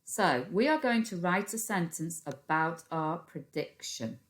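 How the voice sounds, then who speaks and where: Slow, low-voiced British teacher for children. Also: female voice, animated, background noise. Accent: British English. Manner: slow, patient, sounding out words for children. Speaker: primary school teacher. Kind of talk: recorded phonics lesson for young children. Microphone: computer microphone.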